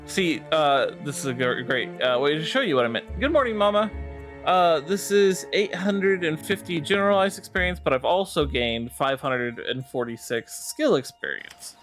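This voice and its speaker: A man's voice: a little high, normal speed, few pauses, a bit bright, faint music behind. A man streaming a video game, talking casually and explaining its mechanics with frequent fillers. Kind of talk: casual gameplay commentary.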